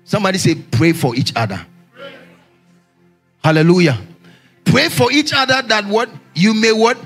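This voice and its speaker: A high, bright-voiced male pastor preaching in a sing-song, call-and-response style. His tone is rough and raspy with a gravelly edge, and his pitch leaps up and down as he shouts questions to the church. Faint music plays behind him. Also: expressive, moderate pace.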